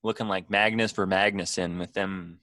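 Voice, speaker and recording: Earnest man with a bright low voice. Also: steady tone, moderate pace. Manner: earnest, advice-giving, self-mocking. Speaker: podcast guest. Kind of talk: casual chat, reflective advice.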